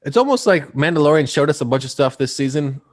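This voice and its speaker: A man co-hosting a podcast, chatting casually with quick jokes and offhand asides. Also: fairly high pitch, lively intonation. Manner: joking, quick quips, habitual "there you go". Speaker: podcast co-host. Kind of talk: casual chat.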